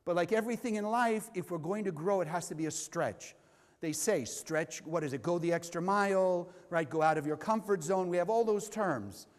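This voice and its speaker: A man's voice: high voice, moderate pace. A man teaching a spiritual lesson to a live audience, emphatic and often asking them questions. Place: lecture hall. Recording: long hall reverb.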